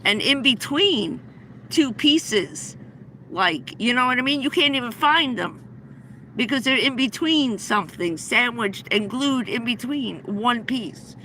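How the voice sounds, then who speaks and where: A middle-aged woman with a bright, clear voice spins a long story on her livestream, stumbling and restarting as she goes. A faint vehicle hum runs underneath. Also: a little high, lively intonation, a little slow, low-quality recording. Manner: rambling, breathless anecdote with many restarts. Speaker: livestream host. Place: inside a vehicle.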